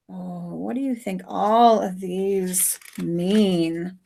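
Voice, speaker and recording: A woman teacher reads a story aloud to her class in a friendly way, asking questions and slipping into soft asides. Her lowish voice is gravelly and steady, and she speaks very slowly.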